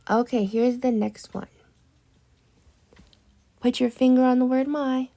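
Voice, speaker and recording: Slow, gravelly-voiced reading teacher woman. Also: high voice, mellow. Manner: slow, patient, drawn-out modeling of words. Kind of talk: guided reading lesson for young children.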